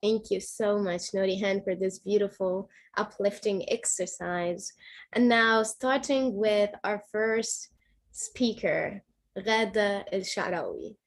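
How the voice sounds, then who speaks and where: A woman hosting a club meeting, introducing speakers slowly and teasing playfully. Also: mid-range voice. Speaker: meeting host.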